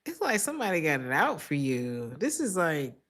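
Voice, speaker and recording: A woman's voice: deep voice, very animated, normal speed, fairly bright tone. A woman giving a casual tarot reading, chatty and slangy, laughing often between remarks. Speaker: tarot reader.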